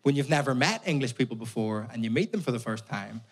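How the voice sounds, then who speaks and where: A young man with a Belfast accent doing stand-up comedy, animated, sweary and exasperated, on a stage mic. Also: mid-range voice, quick pace, noisy background. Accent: Northern Irish, Belfast. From Northern Ireland. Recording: live audience laughter in a venue. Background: audience laughing.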